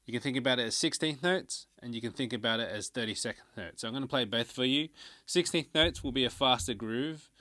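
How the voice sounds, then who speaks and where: A man explains drum patterns in a relaxed way and counts the stickings aloud. His voice sits in an ordinary middle range. The sound is dry, with almost no room around it. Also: medium pitch, fairly quick, no room sound. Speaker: drum teacher. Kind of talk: instructional demonstration. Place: drum studio.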